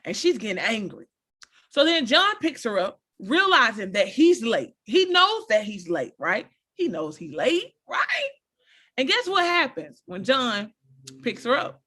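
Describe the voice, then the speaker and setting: A woman talking casually to her viewers, giving animated, preachy advice and repeating her points. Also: on the high side, measured pace, breathy edge. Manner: animated, repeats phrases, addresses viewers directly; preachy, encouraging. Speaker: motivational speaker.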